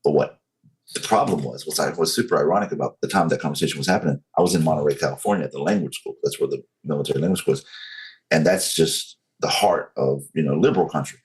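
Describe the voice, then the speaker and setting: A man in his forties from North Carolina with a Southern accent, telling his story as a podcast guest in a slow, controlled way. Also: extremely low pitch. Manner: slow, controlled, deliberate delivery.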